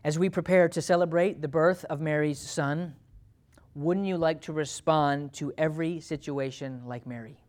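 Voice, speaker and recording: A man preaching a sermon as pastor to his church, swinging from loud emphatic passages to hushed, intimate asides. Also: a little high, fairly even intonation, moderate pace.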